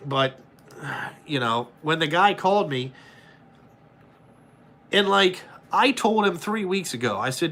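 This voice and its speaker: A man's voice: fairly high pitch, takes it slowly, long pauses. A man, a truck driver chatting casually and bluntly with his viewers, swearing often and reenacting his calls. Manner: profane, blunt and animated. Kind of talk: casual chat answering viewers.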